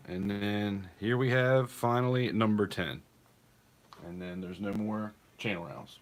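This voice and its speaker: Male auction stream host, lower voice, casual bid calling, rambling chat. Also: fairly even intonation, a little slow. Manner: chatty, rambling asides between bid calls.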